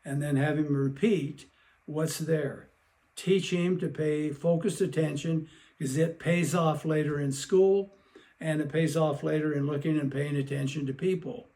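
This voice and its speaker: A man giving an educational talk on child development, lively and acting out playful exchanges with children. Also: fairly high pitch, unhurried. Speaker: parenting expert.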